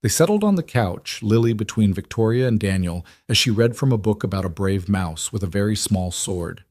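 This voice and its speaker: A man reading a scripted story in an even, measured narration. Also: fairly low pitch, dry recording, clean studio sound.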